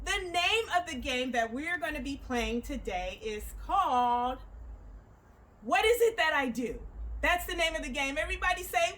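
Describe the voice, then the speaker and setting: A woman program manager leading children through a call-and-response movement game, cheering them on and shouting out commands with drawn-out calls. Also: extremely high pitch, lively intonation. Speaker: youth play program manager.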